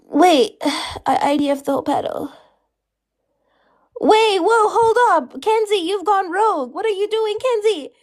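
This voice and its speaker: A woman's voice: extremely high pitch, unhurried, a little mellow. A woman hosting a casual livestream, breathless from laughing and talking between giggles. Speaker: livestream host.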